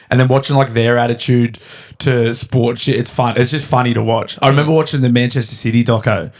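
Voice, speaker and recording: An Australian man hosting a podcast in loose, rambling chat, swearing often. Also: medium pitch. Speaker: podcast host. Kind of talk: casual chat.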